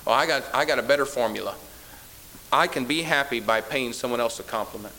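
Preaching a sermon to a church congregation, a pastor speaks in a sharp, medium-pitched voice, a little fast, on a low-quality recording. Tired-sounding, he repeats phrases for emphasis and teases with sarcasm.

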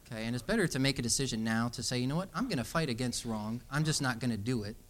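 Speaking quickly at a medium pitch, a young adult male preacher delivers a sermon in an animated, storytelling style. He builds to emphatic calls to stand up for what is right.

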